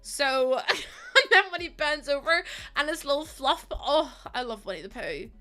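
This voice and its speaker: A woman's voice: high voice, animated, a little slow, bright, forceful tone. A young woman live-streaming, chatting casually with her chat, giggling often and greeting viewers as she talks.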